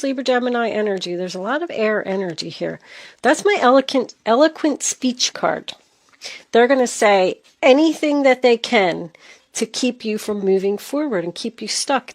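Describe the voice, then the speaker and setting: A woman giving a tarot reading, talking straight to the listener with emphatic, earnest delivery. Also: a little high. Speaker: tarot reader.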